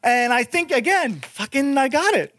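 A man telling a comic story in a rambling, profane, animated way. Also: very high-pitched, moderate pace. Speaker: comedian.

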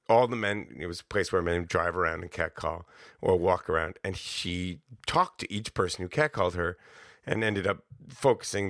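A man's voice: low-pitched, vocal fry, fairly bright tone, no echo, studio quality. A man hosting a podcast, talking in a chatty, self-deprecating way and laughing often. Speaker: podcast host. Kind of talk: casual conversation.

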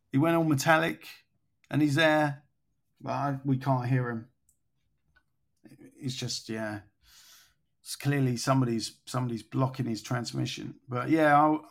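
A man hosting a casual podcast chat, rambling and thinking aloud as he goes. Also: mid-range voice. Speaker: podcast host.

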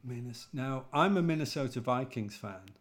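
An English man with a North Midlands accent chats on a podcast. He is relaxed and rambling, circling back to fix his own sentences as he goes. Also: mid-range voice, moderate pace. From England. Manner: relaxed, rambling, self-correcting. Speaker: preacher. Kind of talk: casual podcast chat.

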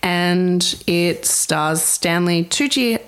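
A woman's voice: lowish voice, very slow, clear, resonant tone. A woman co-hosting a film podcast, chatting casually and trailing off between thoughts. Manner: chatty, trailing off, many likes. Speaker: podcast co-host.

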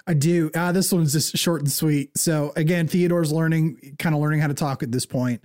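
A man's voice: fairly high pitch, fairly even intonation, normal speed, a little mellow, no room sound, clean studio sound. A man co-hosting a podcast, trading puns and telling short stories about his toddler. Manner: playful, punning banter. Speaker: podcast co-host. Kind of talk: casual chat.

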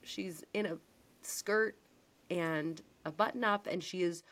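A woman's voice: fairly low pitch, takes it slowly. Young woman animatedly recapping a TV episode. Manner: animated storyteller, acts out quotes. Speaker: podcast co-host. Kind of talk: casual chat recapping a TV episode.

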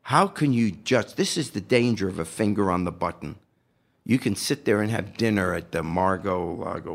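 A man's voice: deep voice, creaky. An older man giving impassioned, indignant political commentary, firing off rhetorical questions with a sarcastic edge. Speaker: podcast guest.

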